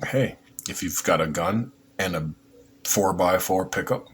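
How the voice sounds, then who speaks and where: A man's voice: sits low, measured pace, slight background noise. A man putting on a brash southern vigilante. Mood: boastful. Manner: boastful, loud, mocking. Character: swaggering southern good-old-boy vigilante man.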